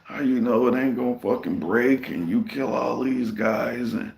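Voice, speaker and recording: A man's voice: mid-range voice, normal speed, creaky, a little mellow, roomy sound, pitched above the performer's own voice, lightly acted, rough recording. A man mimicking a whiny preppy engineer. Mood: skeptical. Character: fussy, skeptical preppy male engineer.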